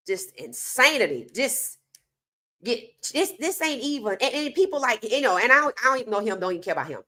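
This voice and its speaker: A woman's voice: fairly high pitch, sing-song, fairly quick, pushed and bright. A woman hosting an opinionated sports commentary monologue. She talks casually and emphatically, firing rhetorical questions straight at her viewers. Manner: casual informal speech.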